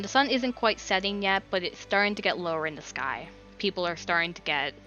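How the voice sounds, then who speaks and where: A woman's voice: mid-range voice, bright, forceful tone, highs cut off. A woman narrating a tabletop game as game master, rambling with lots of fillers. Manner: rambling, filler-heavy description.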